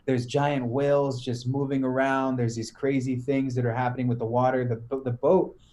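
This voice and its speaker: Male podcast guest, mid-pitched, slangy storyteller. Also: normal speed. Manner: slangy, animated, says "bro" and "right?" often. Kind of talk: casual storytelling pep talk.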